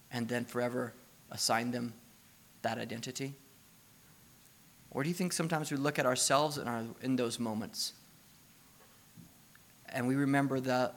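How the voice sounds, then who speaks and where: A man's voice: mid-range voice, a bit bright. A middle-aged man, a pastor, preaching a sermon in a conversational way, asking the listeners questions and building to emphatic passages.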